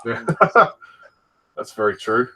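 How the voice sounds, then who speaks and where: A man's voice: medium pitch, very animated, slow pace, pushed and bright, low-quality recording. A man chatting casually through a fan film commentary, easygoing and rambling, often laughing between remarks. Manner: easygoing, rambling, many fillers.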